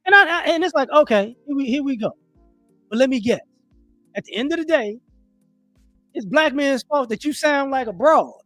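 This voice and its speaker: A man's voice: very high voice, animated, normal speed, pauses often, pushed and bright, dry recording, faint music behind. Emphatic man ranting on a livestream. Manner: emphatic, repeats words, slips into mocking voices. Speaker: livestream commentator. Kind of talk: opinionated livestream rant. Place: home livestream setup.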